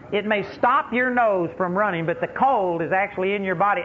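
A man preaching a sermon, telling folksy stories with emphatic punch and frequent laughter. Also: high voice. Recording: tinny phone-like recording with faint hiss.

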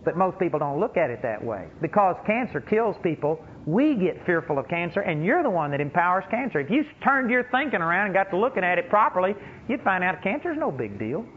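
A man's voice: sits high, sing-song, a little fast, hardly any pauses. A man preaching a sermon, telling folksy stories with emphatic punch and frequent laughter. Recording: tinny phone-like recording with faint hiss.

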